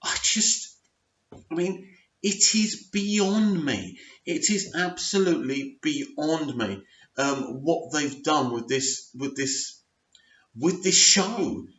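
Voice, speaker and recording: A man's voice: fairly high pitch, lively intonation, slow pace, fairly bright tone. A man giving an unscripted, frustrated rant as a TV review vlogger, full of emphatic rhetorical questions. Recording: roomy, dull lo-fi sound.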